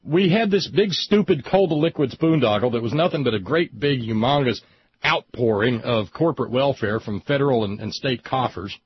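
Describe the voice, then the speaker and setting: A sarcastic man with a Southern American drawl talks in a lively, sing-song way as he jokes through a political chat. His voice is a bit husky and slightly high for a man. The sound is muffled, like radio audio. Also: moderate pace, no echo. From West Virginia. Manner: joking, sarcastic, animated. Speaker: co-host.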